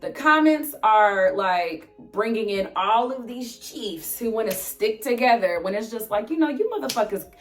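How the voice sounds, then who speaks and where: A woman's voice: a little high, moderate pace, few pauses, faint music behind. Fired-up, foul-mouthed young woman ranting. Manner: animated and heavily profane; exasperated, sarcastic. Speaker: vlogger. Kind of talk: storytime rant.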